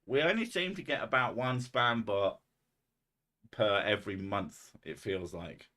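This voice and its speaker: A man's voice: fairly low pitch, unhurried, sharp tone. A man hosting a casual live stream, rambling and self-mocking with a lot of swearing.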